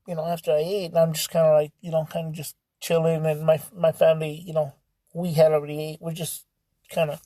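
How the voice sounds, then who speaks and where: A man's voice: fairly high pitch, dark tone, dry recording. A man telling a story in a casual, rambling way, full of "you know" fillers. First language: bilingual English and Spanish speaker. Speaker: podcast storyteller.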